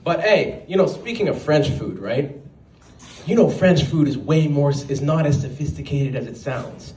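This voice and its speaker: A man performing a stand-up comedy set at an open mic, telling stories with quick asides. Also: a little high. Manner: animated storytelling with quick asides and put-on voices. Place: small venue at an open mic night. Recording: roomy sound, voice from a distance, faint background.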